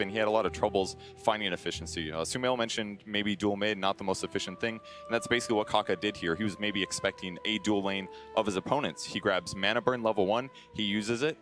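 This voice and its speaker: A man working as an esports analyst, giving a quick, methodical breakdown of a match. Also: on the low side, fairly bright tone. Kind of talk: game analysis commentary.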